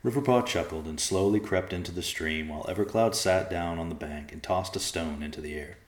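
Deep-voiced man narrating a storybook. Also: brisk. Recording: echoey room.

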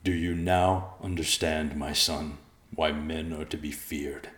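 A man voicing a wounded old male bear who speaks slowly and calmly as a stern father. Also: rumbling low, echoey room, exaggerated voice. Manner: slow, calm, commanding.

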